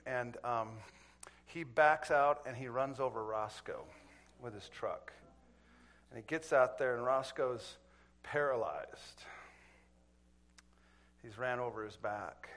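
A man's voice: medium pitch, fairly bright tone. A man preaching a sermon, telling a story in a folksy, chuckling way and speaking to the crowd as folks.

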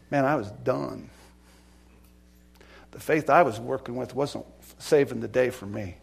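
A pastor with a mid-range voice and vocal fry preaches emphatically and earnestly. He swings between loud declarations and hushed, pleading questions.

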